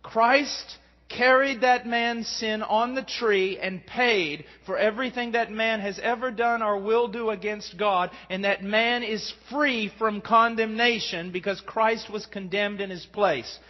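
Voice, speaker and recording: A middle-aged man preaching a sermon, earnest, swinging from hushed tones to shouting. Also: sits high, unhurried. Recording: dull recording in a long-reverb hall.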